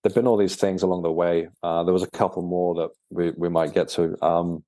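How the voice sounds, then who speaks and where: Deep, mellow man telling his story. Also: flat delivery, no room sound, studio quality. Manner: halting, with frequent repeated words and fillers. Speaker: guest, author and medium. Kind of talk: casual storytelling interview.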